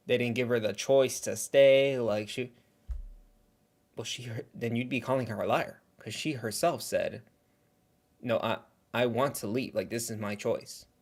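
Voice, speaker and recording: A man hosts a casual livestream and comments on clips in a loose, rambling way. He sometimes talks while chewing. His voice sits at an ordinary, middle pitch. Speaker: livestream reaction host.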